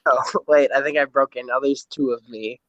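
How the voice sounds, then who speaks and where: A man's voice: medium pitch, fairly even intonation, normal speed, a bit bright, no echo. A teenage boy talking as a guest on a podcast from his phone, goofy and self-mocking and full of jokes. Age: teens. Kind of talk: casual chat. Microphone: phone on a call. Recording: dull dry phone call audio.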